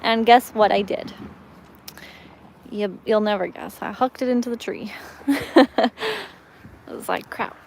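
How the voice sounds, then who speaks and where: A woman's voice: mid-range voice, takes it slowly, gravelly, long pauses, a little mellow, slight background noise, poor audio. A young woman live-streaming as she fishes from a lakeshore, chatting and giggling as she talks to viewers. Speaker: fishing livestreamer. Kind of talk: casual live-stream chat. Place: outdoors on a lakeshore.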